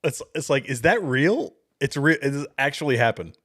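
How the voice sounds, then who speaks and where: A man's voice: mid-range voice, expressive, normal speed, fairly bright tone. A middle-aged man hosting a livestream, chatting casually with viewers, rambling and chuckling at clips. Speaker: livestream host.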